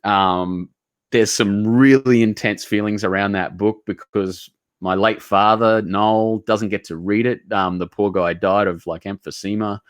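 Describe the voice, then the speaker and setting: Earnest Australian man, low voice. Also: steady tone, unhurried, clean tone, no room sound, studio quality. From Southeast Queensland, Australia. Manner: earnest and heartfelt, rambling with many restarts and casual swearing. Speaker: author guest. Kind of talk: casual storytelling conversation.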